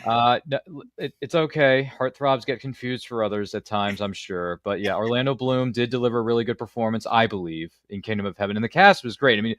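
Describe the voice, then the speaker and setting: A man hosting a book podcast, chatting in an animated, jokey, emphatic way. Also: medium pitch, a little fast, few pauses, dry recording, studio quality. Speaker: podcast host. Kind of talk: enthusiastic casual interview chat.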